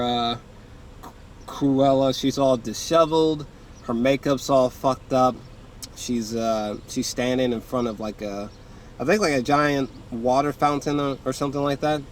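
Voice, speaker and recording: A man's voice: medium pitch, slight background noise. A man giving a casual, rambling film review from a hot room indoors, full of fillers and swearing. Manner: rambling, frequent fillers and profanity. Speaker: movie reviewer.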